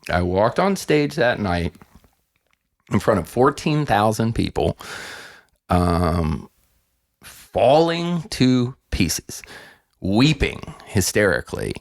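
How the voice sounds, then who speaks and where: A gravelly middle-aged man telling his own story as a podcast guest. His voice swings up and down as he gets into it, and he acts out the voices of people he quotes. He swears freely and talks in a raw, candid way. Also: on the low side, big pitch swings, slow pace, long pauses.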